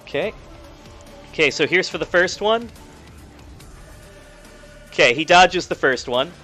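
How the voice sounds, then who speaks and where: A young man narrating as game master of a tabletop game, casual and halting with lots of fillers. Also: a little high, lively intonation, sharp tone, faint music behind.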